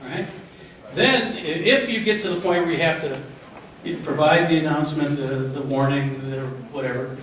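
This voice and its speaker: A man's voice: fairly high pitch, normal speed, a bit bright, slight background noise. A middle-aged man leading a staff training workshop, lecturing in a lawyerly way and often tagging his points with "right?". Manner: lawyerly, asks rhetorical questions and tags them with "right?". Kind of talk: lecture with questions to the audience. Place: large echoey room. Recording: echoey room recorded from far off.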